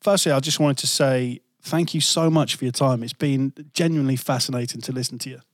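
A man's voice: medium pitch, steady tone, dry recording, clean studio sound. A man hosting an interview podcast, affirming the guest and asking questions with frequent fillers. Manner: warm affirming, halting with fillers. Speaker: podcast host.

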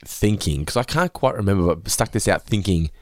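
Lively swearing Australian man, low voice. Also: brisk, dry recording, clean studio sound. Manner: animated and sweary, swings into high excited bursts. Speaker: podcast co-host. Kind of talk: casual chat.

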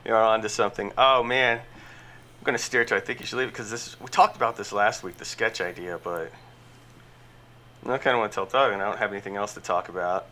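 Bright-voiced man in casual banter. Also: on the low side, fairly even intonation, fairly quick. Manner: crude joking banter, rambling storyteller. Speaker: podcast co-host. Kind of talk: casual chat.

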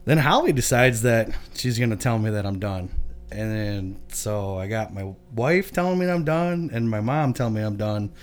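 A man's voice: fairly low pitch, lively intonation, moderate pace, smooth. Laid-back man telling a rambling story. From Michigan. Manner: laid-back, laughing often, profane. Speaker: podcast guest. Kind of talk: casual storytelling.

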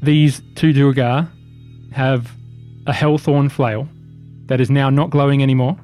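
A man running a tabletop game as game master, calling rules and narrating scenes in measured description. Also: mid-range voice, steady tone, dark tone, faint music behind.

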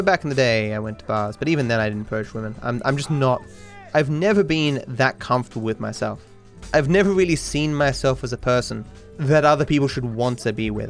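An Australian man with a medium-pitched voice streams while answering viewer questions. His Q&A is casual and rambling, full of deadpan jokes and frequent restarts.

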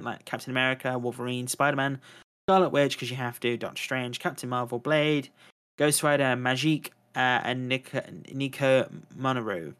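A man's voice: medium pitch, a bit bright. A man co-hosting a podcast in casual chat, enthusiastic and rambling, often correcting himself mid-sentence. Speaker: podcast co-host. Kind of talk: casual chat about video games.

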